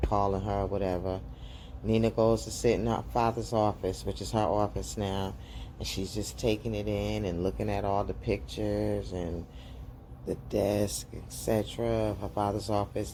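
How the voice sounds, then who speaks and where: A woman giving a casual, gossipy recap of a TV episode to her viewers. She is animated and acts out the characters' lines in high voices. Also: slight background noise. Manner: chatty, gossipy, talks straight to viewers as "girl". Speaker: show recap host.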